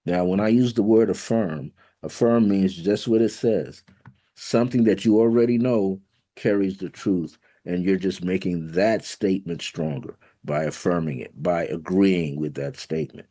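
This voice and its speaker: A man with a deep, mellow voice gives a motivational spiritual teaching talk. His delivery is conversational, with an occasional chuckle. He slows down to press each key word and affirmation home. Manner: emphatic, slows down to stress key words and affirmations.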